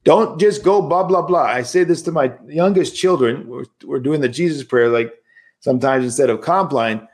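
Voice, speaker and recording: A man's voice: mid-range voice, normal speed, darkish tone. A man, a priest, giving a livestreamed spiritual lecture in a conversational, emphatic way, often asking rhetorical questions.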